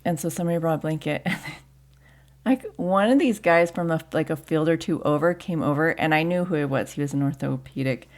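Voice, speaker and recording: A woman telling a story in casual podcast chat, animated and swearing freely as she acts out what people said. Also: sits low, fairly quick. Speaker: podcast guest host, sports mom; nurse.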